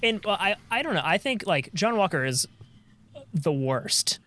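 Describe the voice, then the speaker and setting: A man's voice: high voice, unhurried. A man co-hosting a podcast, talking casually and rambling with lots of fillers and restarts. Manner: rambling, many likes and restarts, animated. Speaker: podcast co-host. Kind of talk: casual chat.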